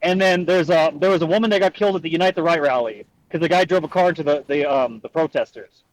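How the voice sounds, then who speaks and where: A man's voice: on the high side, quick pace, dry recording, rough recording. A young man in casual podcast chat, earnest and hedging, often restarting his sentences. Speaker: podcast co-host.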